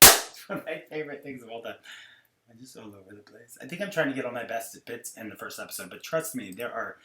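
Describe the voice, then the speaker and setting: A man hosting a podcast, chatting in a rambling, animated, gossipy way. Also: medium pitch, fast talker, echoey room. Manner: rambling, animated, full of impressions. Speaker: podcast host. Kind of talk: gossipy casual chat.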